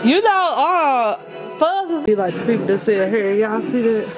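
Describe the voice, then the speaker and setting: A woman's voice: fairly high pitch, expressive, normal speed, over music, poor audio. A woman in her twenties, chatting casually to her viewers in a loose vlog style. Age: 20s. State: out of breath at times. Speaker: vlogger.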